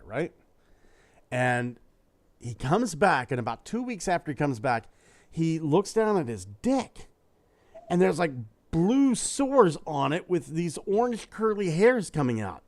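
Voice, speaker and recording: A man's voice: fairly high pitch, sing-song, a little slow, no room sound. Middle-aged male podcast co-host, dry close sound, rambling profane storyteller. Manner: rambling, profane, tells crude jokes. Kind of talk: casual podcast chat.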